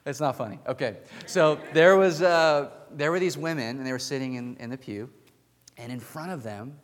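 A man's voice: medium pitch, moderate pace. A male pastor preaching a conversational sermon in a church, telling a story with restarts and chuckles. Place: church sanctuary with pews. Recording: long hall reverb in a church.

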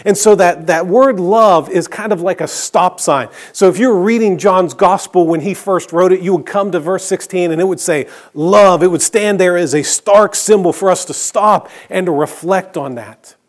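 A man preaching a sermon to his congregation, earnest, slowing down and dropping to a hush for emphasis, with light asides. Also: high-pitched. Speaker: pastor.

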